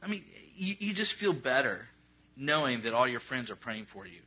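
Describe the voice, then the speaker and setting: A man delivering a sermon, chatty and humorous, slipping into small acted-out scenes. His voice is a bit husky, and the recording sounds somewhat dull and lo-fi. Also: medium pitch, big pitch swings, normal speed. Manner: conversational, joking, acts out little prayer scenes. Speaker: pastor.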